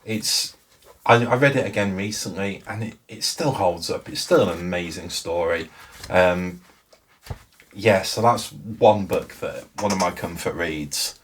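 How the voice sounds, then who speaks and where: A man's voice: sits low, a little slow, a little hiss or hum. A man hosting his book channel, talking casually and telling stories with frequent restarts. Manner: chatty and storytelling, with frequent self-restarts. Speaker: BookTube channel host. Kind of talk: casual book vlog talk.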